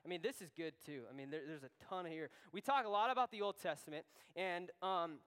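A man talking to a youth group as its pastor, telling a camp story in an animated way, with lots of restarts. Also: high-pitched, fairly quick, clear, resonant tone. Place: church hall. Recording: long hall reverb.

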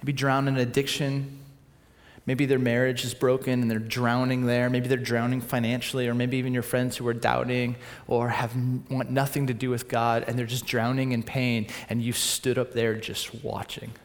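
A man from Southern California preaching a storytelling sermon, acting out voices and swinging from loud to quiet. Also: medium pitch, flat delivery, normal speed, big-room sound.

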